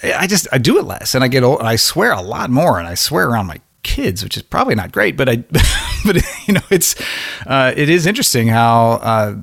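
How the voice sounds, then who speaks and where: A middle-aged man talking things through in a relaxed conversation, with a gravelly, creaky edge to his voice. He thinks out loud, restarting his sentences and breaking into short laughs. The sound is close and dry. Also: mid-range voice, no echo. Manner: reflective, halting with frequent restarts and laughs. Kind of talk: casual conversation.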